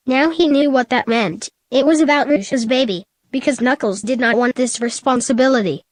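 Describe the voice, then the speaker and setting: A woman's voice: high-pitched, a little fast, few pauses, no room sound. A synthetic female text-to-speech voice narrating a silly storybook tale.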